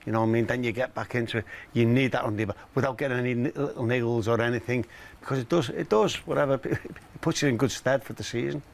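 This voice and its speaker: Halting male football pundit. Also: medium pitch, vocal fry. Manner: halting, repeats words as he searches. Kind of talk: studio chat.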